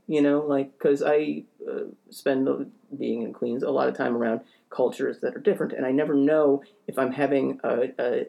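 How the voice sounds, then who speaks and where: A young man spins a comedic anecdote in casual podcast chat, his mid-range voice gravelly with fry. He rambles and hesitates, stacking fillers and self-deprecating asides as he goes. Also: mid-range voice, darkish tone. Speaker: podcast co-host telling a story.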